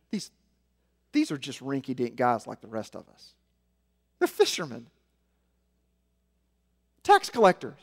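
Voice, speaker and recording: A man preaching a sermon, with animated delivery that swings between loud emphasis and soft, low asides. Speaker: pastor. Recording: long hall reverb.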